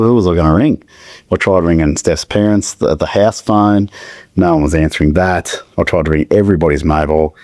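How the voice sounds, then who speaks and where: Gravelly low-voiced man. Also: a little mellow, dry recording, clean studio sound. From Australia. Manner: halting, searching for words, with restarts. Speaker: podcast guest. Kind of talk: emotional personal storytelling.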